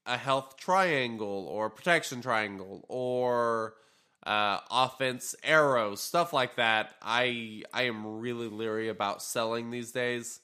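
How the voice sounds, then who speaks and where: A man with a bright, forward voice talks over a mobile game in loose podcast chat. He rambles a little, leans on ums and uhs, and sounds tired and yawny. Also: mid-range voice, slow pace, clean tone. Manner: relaxed, rambling, frequent fillers. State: tired, yawning. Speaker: podcast co-host. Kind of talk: casual gaming podcast chat.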